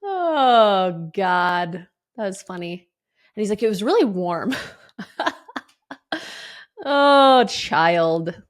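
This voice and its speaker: A woman's voice: medium pitch, fairly bright tone. A woman in her thirties or forties hosting a podcast, telling stories casually with lots of fillers and acting out what others said. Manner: chatty, lots of fillers and laughs, voices others' lines. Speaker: podcast host. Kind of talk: casual storytelling monologue.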